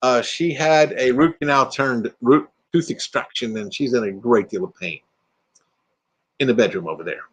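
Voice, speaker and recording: A man's voice: medium pitch, fairly bright tone, slightly rough. Chatty older man hosting a livestream. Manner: chatty, laughs often, reads comments aloud. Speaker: livestream host. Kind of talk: casual live chat with viewers. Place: home room with green screen.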